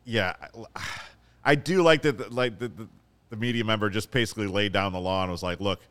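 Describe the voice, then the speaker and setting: Low smooth-voiced podcast host, chatty, dry little jokes here and there. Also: male voice, brisk, fairly bright tone. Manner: conversational, wry asides. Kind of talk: casual sports talk.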